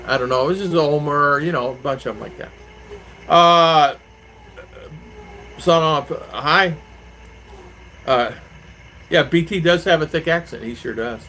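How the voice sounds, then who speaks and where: Bright-voiced man chatting on a live stream. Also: mid-range voice, measured pace, vocal fry, pauses often, a little hiss or hum, low-quality recording. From Arizona, USA. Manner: rambling, chatty, answers viewer comments. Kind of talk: casual live stream chat.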